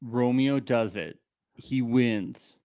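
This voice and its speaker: A man's voice: medium pitch, mellow, clear, resonant tone, no room sound, lo-fi sound. Opinionated man co-hosting a dry podcast. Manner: opinionated, quick asides. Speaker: podcast co-host. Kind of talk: casual recap chat.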